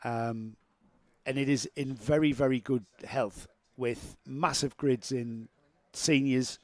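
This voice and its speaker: A man's voice: mid-range voice, fairly even intonation, takes it slowly, darkish tone, dry recording. Man, karting commentator, chatty live race calls, dry close sound. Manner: chatty, reads out results and greets viewers.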